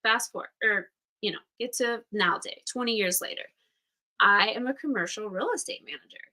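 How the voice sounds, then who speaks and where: Talking fairly quickly in a mid-range, sharp-toned voice, a woman in her thirties runs a casual astrology livestream. She's from Utah, chatty and candid, swears openly, and acts out quoted voices, all on a low-quality recording.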